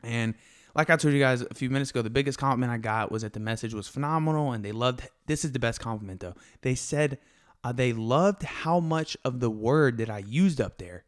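Excitable man on a solo podcast. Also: mid-range voice. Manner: fast, excitable, animated storytelling. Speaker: podcast host. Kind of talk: casual solo podcast talk.

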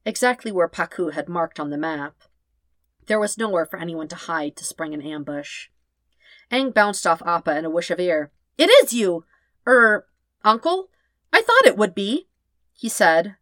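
A woman narrating a story in a calm, steady voice, pitched a little low. The sound is dry and close, with no room around it. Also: dry recording. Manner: calm, steady, even reading. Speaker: podfic reader. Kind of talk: scripted narration.

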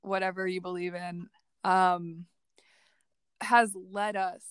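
A young woman co-hosting a casual podcast, reflective and drawn-out when making a point. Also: fairly low pitch, flat delivery, smooth, no echo. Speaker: podcast co-host. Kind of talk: casual chat.

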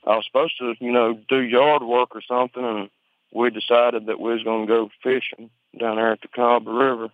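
A Southern man with an Alabama drawl talks over a tinny, dry phone line. He tells his story casually and at length, swearing freely and stumbling into restarts. His voice sits at an ordinary middle pitch. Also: little pitch movement, no room sound. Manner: rambling, informal, profane, halting restarts. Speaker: interviewee on a phone call. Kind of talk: conversational storytelling.

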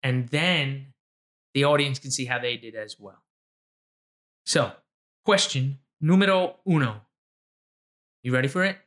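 A man's voice: mid-range voice, measured pace, long pauses, fairly bright tone. A man running a casual trivia quiz with a friend, playful and teasing, laughing often. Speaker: trivia quizmaster. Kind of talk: casual chat.

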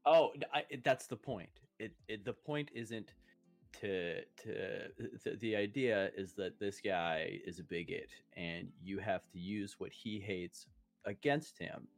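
A young man co-hosts a podcast in a lowish, slightly slow voice, with faint music in the background. He has a slight lisp, no retainers involved, and rambles through crass, self-deprecating banter in casual chat.

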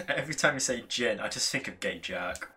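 A young man chats with friends on a casual podcast. His voice sits mid-range with a bright, forward edge, and he laughs easily as he tells a story. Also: mid-range voice, moderate pace, slight background noise. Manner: laughs often, lively and animated. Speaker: podcast co-host.

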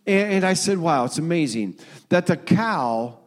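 A man's voice: fairly high pitch, animated, unhurried. A middle-aged man preaching a sermon in an earnest, folksy way, repeating words and using many fillers. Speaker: pastor.

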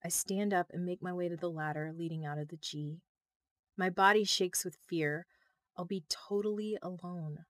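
A woman narrates her own novel in the first person on a close mic. Her voice sits fairly low and she reads in an intimate, emotional way. The recording is dry with no room sound. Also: fairly even intonation, moderate pace, no room sound. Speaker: author reading her novel.

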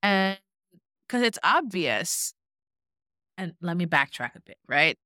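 A woman's voice: lowish voice, slow, dry recording, studio quality. A woman co-hosting a podcast, casually recapping a reality show and acting out what people said. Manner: animated storyteller, acts out quotes. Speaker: podcast co-host.

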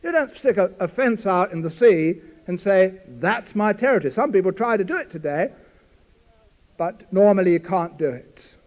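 A man's voice: high-pitched, expressive, moderate pace, darkish tone. An older man preaching a sermon to a gathering as an Anglican priest, earnest, building long lists and often stumbling and restarting. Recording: dull lo-fi recording.

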